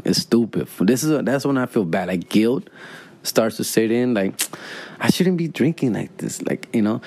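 A man's voice: mid-range voice, creaky, a little mellow, dry recording. A man of forty, telling a rambling, profane, slang-heavy story in casual monologue. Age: 40s.

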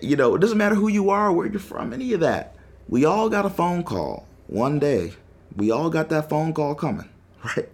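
Animated young man hosting sports talk. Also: medium pitch. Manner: animated storytelling, acts out quotes. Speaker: sports talk show host. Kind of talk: emotional sports talk monologue.

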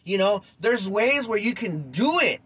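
A man with a high-pitched voice hosts a podcast and rants at his listeners. He talks bluntly and with heat, throwing in plenty of street slang. His delivery stays direct and confrontational. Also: very animated, measured pace, fairly bright tone, breathy edge, poor audio. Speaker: podcast host. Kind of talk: ranting podcast monologue.

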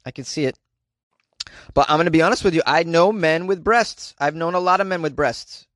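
A man hosting comedic news commentary with a slightly raised pitch and a chatty, wry delivery full of joking asides. The recording is dry and close, with no room sound. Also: fairly quick, fairly bright tone, dry recording. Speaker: host.

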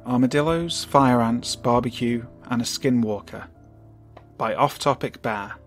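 A man reads a creepy story aloud in a calm, measured voice at a medium pitch. He slows down and drops his voice for tense moments. Faint music plays under his narration. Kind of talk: scripted narration. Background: soft music.

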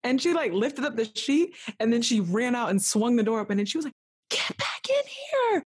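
A woman guest on a podcast telling an emotional personal story in a lively, rambling way, full of "like", acting out what others said. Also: fairly high pitch, fast, breathy edge, no room sound, clean studio sound. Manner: animated, full of "like", acts out quoted voices. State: tearful at moments.

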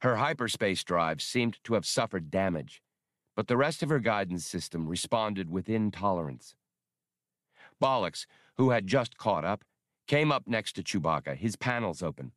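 Lively, low-voiced male audiobook narrator. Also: moderate pace, dry recording, studio quality. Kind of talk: audiobook reading.

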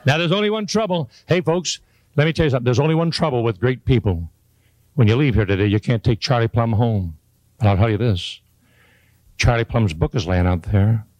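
A man's voice: medium pitch, a little fast, darkish tone, no room sound, low-quality recording. Folksy older man preaching motivation. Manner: folksy, joking, emphatic preaching delivery. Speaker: motivational speaker. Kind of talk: motivational speech to a live audience.

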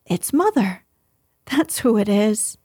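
A woman's voice: medium pitch, measured pace, warm tone, no echo, studio quality, close to an everyday voice. A woman voicing a cheerful country boy who speaks in rustic dialect. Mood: excited.

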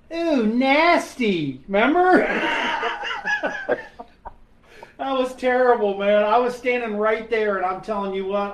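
A blunt, salty middle-aged man with a high voice hosts a casual chat about his days on the job. The sound is roomy and echoey. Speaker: podcast host, retired police officer. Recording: roomy echo.

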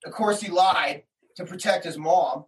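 A man's voice: high voice, a little slow. A man telling a personal story in an interview, in rambling, slangy, heated talk full of quoted exchanges. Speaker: interview guest. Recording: voice somewhat distant from the mic.

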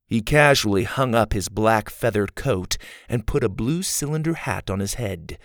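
A man narrating a children's adventure story in a lively storytelling manner. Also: fairly low pitch, normal speed, no echo, studio quality.

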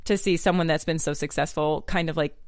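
A woman's voice: low voice, steady tone, brisk, a little mellow, no room sound, clean studio sound. A woman from Maine, co-hosting a podcast and telling a story in casual chat, acting out the dialogue. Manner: chatty, acts out quoted dialogue. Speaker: podcast co-host.

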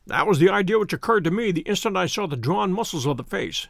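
A man reading a classic detective story aloud with a measured, expressive delivery. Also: high-pitched, gravelly, no echo, studio quality. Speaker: audiobook narrator.

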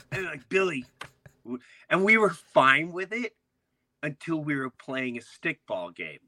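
A man hosting a podcast, telling neighborhood stories in a loose, animated way, with lots of false starts. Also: mid-range voice, normal speed. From grew up in a city neighborhood near an airport. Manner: animated, with many restarts and acted-out quotes. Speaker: podcast host. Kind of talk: casual storytelling chat.

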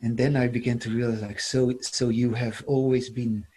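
A man's voice: medium pitch, little pitch movement, moderate pace, warm tone, slight background noise. A middle-aged man from the Netherlands, talking in a reflective interview, musing and repeating his phrases. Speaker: interview guest, former seminar leader.

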